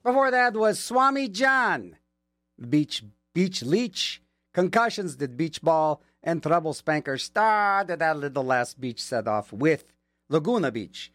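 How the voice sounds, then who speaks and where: A man's voice: fairly high pitch, sing-song, measured pace, fairly bright tone, dry recording. A man working as a radio DJ, chatting casually between songs with rambling, joking asides, from a studio mic.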